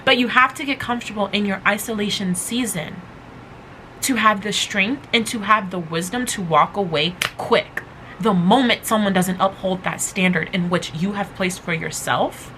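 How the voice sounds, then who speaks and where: A woman hosts a motivational podcast with a bright, clear tone at an ordinary pitch. She talks casually and encouragingly, repeating short phrases for emphasis. A faint hiss sits under her voice. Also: normal speed, low-quality recording. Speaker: podcast host.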